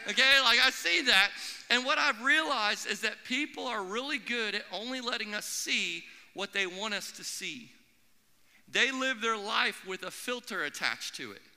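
Young male pastor, high bright voice, animated sermon delivery, church hall reverb. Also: normal speed, clean tone. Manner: animated, acts out quoted voices. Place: church auditorium.

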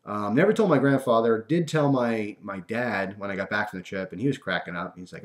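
A young man casually telling a personal story to his viewers, animated and full of fillers and restarts. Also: low-pitched, fast talker, hardly any pauses.

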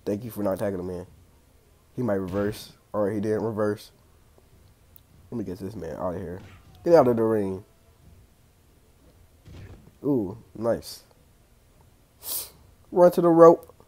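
A young man casually commentating his own wrestling video game play, excitable and slangy, trash-talking the opponents, with a clogged throat. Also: fairly low pitch, measured pace, pauses often. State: congested throat. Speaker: gaming channel host.

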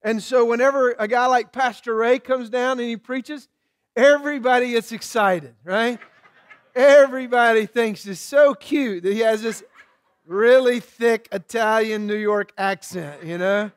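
A man from Georgia with a Southern accent, a guest preacher opening a sermon in a folksy, halting way with many fillers. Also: very high voice, dry recording, studio quality.

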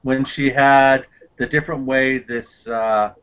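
A man's voice: medium pitch, steady tone, takes it slowly, clear, resonant tone. Male moderator, easygoing and inquisitive; dull recording. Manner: questioning, casual. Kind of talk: casual panel discussion. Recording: muffled lo-fi recording.

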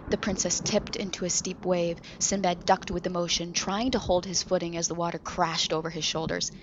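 A woman narrates an audiobook with lively drama in a lowish, gravelly voice. A constant hiss runs under her noisy home recording. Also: moderate pace, hardly any pauses, muffled recording. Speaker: fiction reader.

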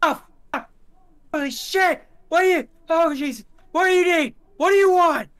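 A man voicing a panicked cyborg gang thug who shrieks high and loud in terror. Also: measured pace, no room sound, exaggerated voice. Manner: shrieking, frantic.

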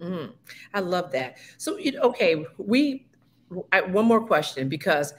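A woman's voice: on the low side, very animated, a little slow. A woman hosting a live-streamed interview, chatty and loose, reading questions from the chat. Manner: chatty, many fillers and restarts, reads from the chat. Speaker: host.

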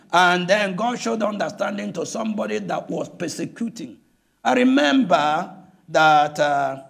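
An older Nigerian pastor preaches with a rough, gravelly voice. His pitch sits high and swings widely as he calls out to the congregation, often breaking into shouts. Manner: impassioned preaching with frequent shouts and "listen to me". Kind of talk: sermon.

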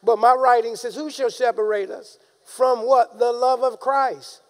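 A man preaching a sermon, calling out to the congregation and rising into shouted emphasis. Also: very high voice, fairly even intonation, unhurried. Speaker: pastor.

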